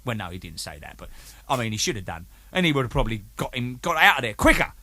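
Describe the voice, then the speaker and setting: A man's voice: mid-range voice, quick pace, no echo. A man telling rowdy anecdotes full of swearing and acted-out voices, played from an archive recording. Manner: animated, swearing, acts out voices. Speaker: storytelling guest.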